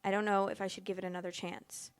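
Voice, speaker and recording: Woman reading a post in a flat voice. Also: medium pitch, fast, clean tone, no echo. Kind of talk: reading a written post aloud.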